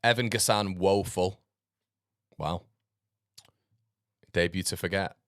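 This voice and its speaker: A man's voice: low voice, slow pace, fairly bright tone, dry recording, clean studio sound. A man hosting a casual football livestream, reading viewer comments with blunt, sarcastic remarks and frequent laughs. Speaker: football fan channel host.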